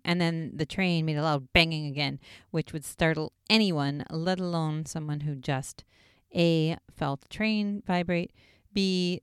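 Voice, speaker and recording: A woman casually recapping an episode in a chatty, excitable way, full of "like" fillers. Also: sits low, smooth, no echo, studio quality.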